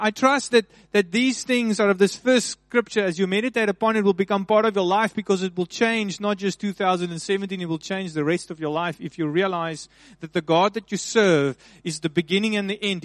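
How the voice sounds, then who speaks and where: A male pastor preaching a sermon, repeating and slowly stressing key phrases with rising emphasis. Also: sits high, no room sound.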